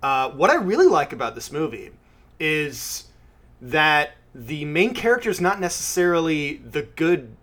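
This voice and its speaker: A man's voice: fairly high pitch, very animated, unhurried, a bit bright. A man in casual conversation about a film, chatty, laughing easily and questioning his co-host. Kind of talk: casual film review chat.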